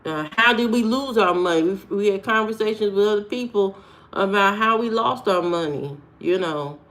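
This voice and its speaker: A woman's voice: mid-range voice, normal speed, a bit bright. American woman chatting on stream, sassy and joking, lots of ums, talks right at chat. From United States. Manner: loose, slangy speech with frequent fillers. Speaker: live streamer answering chat. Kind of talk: casual chat.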